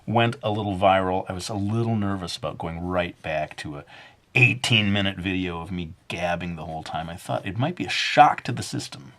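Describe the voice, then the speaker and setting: A rather low-voiced man talks through a drawing tutorial in a chatty, rambling way. He fills the gaps with "uh" and "um" and pokes fun at himself. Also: a little fast, bright, forceful tone. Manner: chatty and self-mocking, jokingly putting on a bad accent; rambling, with many fillers. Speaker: drawing instructor. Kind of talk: casual drawing tutorial narration.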